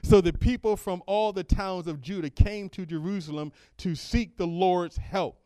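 A man preaching with a slightly high voice. He moves between easy, conversational asides and loud, fervent scripture reading. The sound is close and dry, with no room echo. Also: moderate pace. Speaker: pastor. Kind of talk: sermon.

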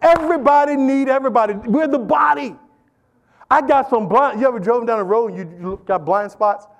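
A middle-aged man preaching a sermon as pastor, animated and repetitive, calling out to the congregation. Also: very high-pitched, brisk. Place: church.

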